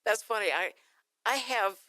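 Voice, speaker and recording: A woman's voice: on the high side, moderate pace, sharp tone, dry recording. A woman hosting a casual radio talk show, chatty and laughing often, who likes to play with accent impressions.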